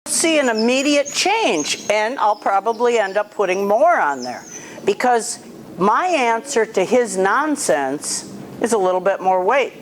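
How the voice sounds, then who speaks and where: A woman's voice: mid-range voice, very animated, a little slow, slight background noise. A woman dog trainer coaching an owner in a hands-on session, blunt and firm, snapping commands at the dog.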